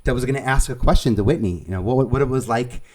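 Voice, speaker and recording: A man with a New York accent, a producer and casting director, chatting as an interview guest in an animated way, laughing easily and restarting his sentences. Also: mid-range voice, fast talker. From Staten Island, New York. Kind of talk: conversational storytelling.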